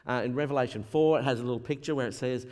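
A man preaching a sermon as a pastor, animated and acting out the voices he quotes. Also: mid-range voice, rapid-fire. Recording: long hall reverb.

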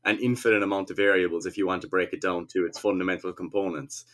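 Male guest or co-host, lowish voice, calm and reasoned, conversational. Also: fast. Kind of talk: casual chat.

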